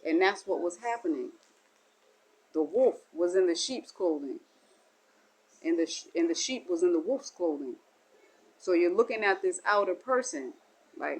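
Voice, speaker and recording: A woman's voice: lowish voice, lively intonation, moderate pace, pauses often, slightly rough, low-quality recording. A woman delivering a spiritual monologue as a teacher, in a meandering, repetitive and folksy way. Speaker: self-styled spiritual teacher.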